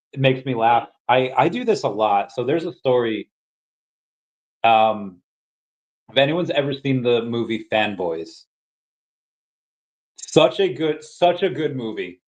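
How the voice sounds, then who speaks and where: Over dull audio, a man with a lowish voice runs a laid-back crypto livestream. He chats with viewers and reads their comments, rambling with lots of restarts and filler words and suddenly shouting out movie-quote impressions.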